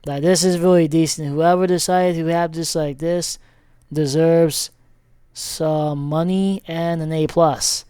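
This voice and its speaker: Man, sports vlogger, casual recap; smooth clear voice, unhurried, chatty and full of fillers. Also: fairly high pitch, fairly even intonation, mellow, no room sound, clean studio sound. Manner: rambling, many fillers and self-corrections. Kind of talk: casual sports recap over a shared screen.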